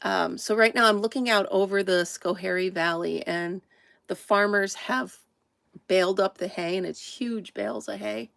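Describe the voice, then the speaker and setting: Chatty woman with a gravelly voice. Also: mid-range voice, normal speed, fairly bright tone, no echo. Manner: chatty, laughs often, greets viewers by name. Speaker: livestream host. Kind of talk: casual live-stream chat. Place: inside a camper.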